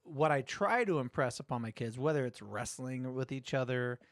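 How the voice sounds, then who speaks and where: A middle-aged man hosting a podcast, telling a story in casual chat, animated, swearing and acting out quotes. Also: medium pitch, moderate pace, dry recording, clean studio sound. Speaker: podcast host.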